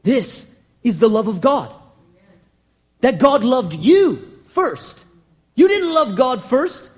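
A man preaching a sermon with passion and rhetorical questions, swinging between loud bursts and hushed lines. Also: very high-pitched, very animated, takes it slowly.

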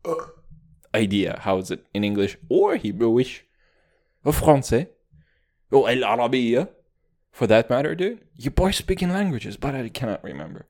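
A man's voice: mid-range voice, normal speed, long pauses. Male podcaster, sweary comic rant, voice swings up and down a lot. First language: Russian. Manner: profane, animated ranting with constant "dude". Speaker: podcast host.

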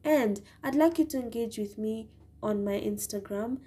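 A young Kenyan woman in her twenties hosting a podcast, telling a story in a chatty, animated way with Swahili words mixed in. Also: a little high, normal speed, husky. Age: 20s. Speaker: podcast host. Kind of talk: casual storytelling.

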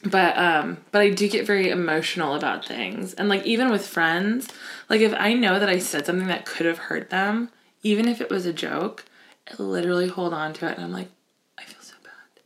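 A woman co-hosting a podcast in casual chat, animated and laughing easily as she acts out what she would say. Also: lowish voice, brisk, creaky. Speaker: podcast co-host.

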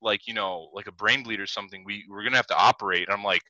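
A man's voice: on the low side, quick pace, pushed and bright, no room sound. A man in his twenties telling a story on a casual podcast, rambling and packed with "like" and swearing. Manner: rambling, heavy "like" fillers, swears. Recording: dull dry lo-fi mic.

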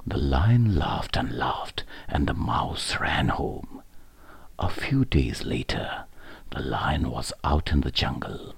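A man reading a children's story aloud in a soft, half-whispered voice. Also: very deep voice, sing-song, slow, creaky, slightly rough, no room sound.

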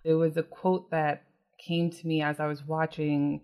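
A woman's voice: low-pitched, level tone, a little slow, darkish tone. A woman hosting a podcast, who sets up her questions to the guest thoughtfully and carefully. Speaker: podcast host. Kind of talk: interview host.

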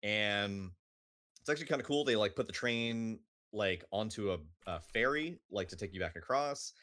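Here a podcast co-host rambles through a travel anecdote in relaxed chat, leaning heavily on fillers like "like" and "um." He has a somewhat low, fairly bright voice, speaks at a moderate pace, and sounds expressive.

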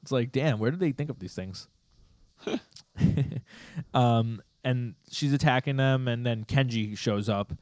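A man co-hosting a podcast in casual chat, retelling a story in an animated way with lots of "like". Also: mid-range voice, a little slow, long pauses, dry recording, studio quality. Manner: animated plot retelling, frequent "like" and laughter. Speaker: podcast co-host.

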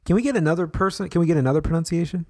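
A man's voice: on the high side, rapid-fire, darkish tone. A man co-hosting a casual chat, playful and often laughing as he reads odd word mix-ups aloud. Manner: playful, laughing, trying silly voices. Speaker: podcast co-host.

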